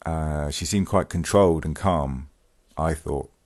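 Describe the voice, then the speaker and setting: Very deep-voiced man musing hesitantly. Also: measured pace, a little mellow. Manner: hesitant, many ums and restarts; reads news excerpts aloud. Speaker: vlogger, channel host. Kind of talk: casual true-crime commentary.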